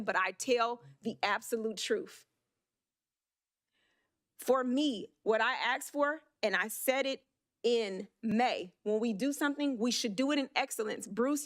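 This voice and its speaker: A woman council member giving an emotional, blunt speech at a city council meeting, with halting restarts. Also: fairly high pitch.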